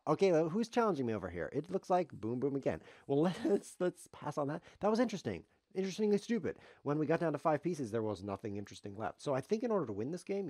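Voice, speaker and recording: A man's voice: medium pitch, a little mellow, no echo, clean studio sound. A man commenting live on his own chess game as a streamer, sarcastic, self-mocking and grumbling.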